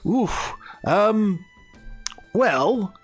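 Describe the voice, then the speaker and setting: A man voicing an excitable elderly male halfling inventor who stammers and gushes. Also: high voice, very slow, husky, soft background music, voice pushed up, exaggerated voice. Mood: amazed. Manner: fussy, stammering, delighted exclamations.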